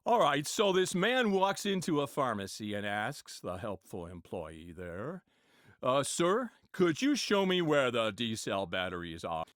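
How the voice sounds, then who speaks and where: A man impersonating a slow-talking older cowboy film star with a halting drawl. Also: medium pitch, very animated, a bit bright, dry recording, studio quality.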